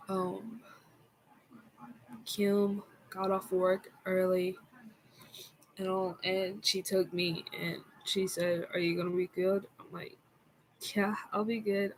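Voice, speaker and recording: A woman telling a personal story in a casual vlog, in a soft, halting way with frequent fillers. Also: mid-range voice, little pitch movement, slight background noise, low-quality recording. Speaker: vlogger.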